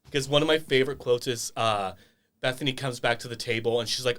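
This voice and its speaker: Young male podcast guest, animated storyteller, mid-range voice. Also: medium pitch, fast. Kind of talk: casual podcast chat.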